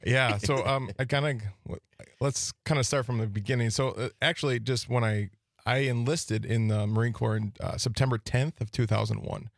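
A man in his forties from Wisconsin, a guest on a radio talk show, speaking hesitantly with many pauses and restarts. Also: medium pitch, fairly even intonation, creaky, no echo, clean studio sound. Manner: hesitant, lots of uhs and restarts. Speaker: guest, veteran who runs a nonprofit. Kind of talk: casual radio interview. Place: radio studio.

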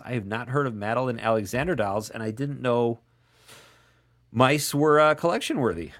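A man's voice: medium pitch, a little fast, fairly bright tone. Man, radio host, casual chat, jokey, self-deprecating, reads listener texts.

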